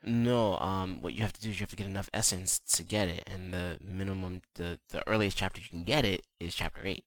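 A man with a very deep voice co-hosting a casual podcast about games. He talks in a laid-back way and swears casually. The recording is dry and close. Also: fairly even intonation, a little fast, no echo. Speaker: podcast co-host.

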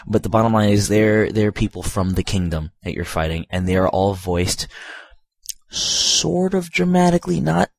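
Deep-voiced guy rambling about a game, lots of "whatever" and cussing, dry close sound. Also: flat delivery, normal speed, hardly any pauses, a little mellow, dry recording. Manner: rambling, profane, many fillers and asides. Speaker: video game reviewer. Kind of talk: casual rambling game review.

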